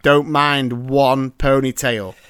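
A man's voice: medium pitch, flat delivery, takes it slowly, a bit bright, clear, resonant tone, dry recording. A man hosting a podcast, chatting casually and joking at his own expense with nervous restarts. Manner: joking, self-mocking, restarts when nervous. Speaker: podcast host. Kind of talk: casual chat.

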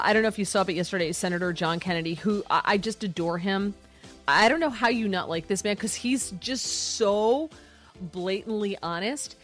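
A woman's voice: medium pitch, a bit bright. A woman hosting a talk radio show, chatting in a loose, giggly way with lots of fillers. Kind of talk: casual talk radio chat.

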